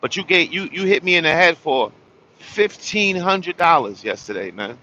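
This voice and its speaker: A man's voice: a little high, animated, normal speed, sharp tone, muffled recording, a little hiss or hum. A tired truck driver telling a long story in a casual vlog, rambling and repeating his words.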